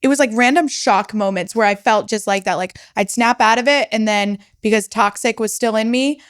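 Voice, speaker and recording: Frank, smooth-voiced young woman. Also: fairly high pitch, brisk. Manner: frank, swears freely, animated retelling. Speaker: podcast guest, startup founder. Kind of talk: candid personal storytelling.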